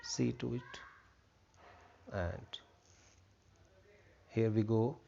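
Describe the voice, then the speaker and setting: A man's voice: on the low side, fairly even intonation, extremely slow, gravelly, warm tone, a little hiss or hum. A man teaching an English textbook lesson, repeating himself and defining words with many fillers. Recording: dull lo-fi recording.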